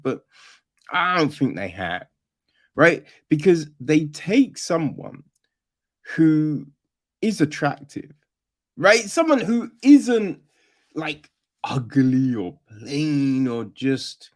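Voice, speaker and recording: A man hosting a podcast, reviewing a film in casual chat, animated and profane, always asking "right?" and mimicking characters. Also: a little high. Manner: peppers talk with "right?" and "you know what I mean?". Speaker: podcast host.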